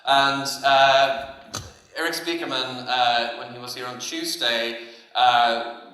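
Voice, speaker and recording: A man giving a relaxed conference talk, pausing often with fillers. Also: medium pitch. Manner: relaxed, hesitant, many fillers. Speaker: conference speaker. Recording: echoey hall.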